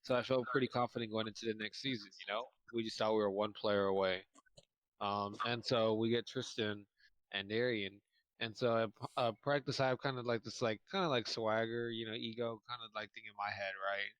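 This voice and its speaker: A young man with a fairly low voice, recorded close and dry, talking casually on a podcast. He rambles, keeps restarting his sentences and fills the gaps with "you know" and "like". He sounds like he is eating while he talks. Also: fairly even intonation, brisk, a bit bright, clear, resonant tone, no echo. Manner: rambling storyteller with many fillers and restarts. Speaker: podcast co-host. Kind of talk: casual chat.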